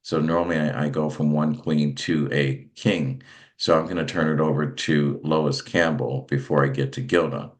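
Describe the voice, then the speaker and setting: A man hosting a talk podcast, speaking in a halting way with frequent restarts and fillers. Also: very deep voice, fairly even intonation. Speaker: podcast host. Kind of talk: casual talk show hosting.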